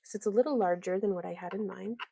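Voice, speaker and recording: A woman's voice: medium pitch, quick pace, creaky, dark tone, dry recording. Chatty, giggly woman livestreaming crafts. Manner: chatty, rambling and giggly, reads viewer comments aloud. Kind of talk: casual livestream chat while crafting.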